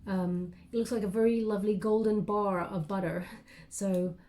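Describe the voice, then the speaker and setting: A woman's voice: medium pitch, steady tone, moderate pace, dark tone. A woman giving a channeled tarot reading to camera, musing and hesitant, with many fillers and restarts. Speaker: tarot reader.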